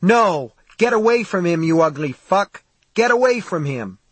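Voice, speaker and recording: A man's voice: high voice, lively intonation, a little slow, slightly rough, dry recording, voice pushed up, exaggerated voice. A man voicing a frantic woman prisoner in an audiobook, screaming in fury at an animal. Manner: shrieking, furious.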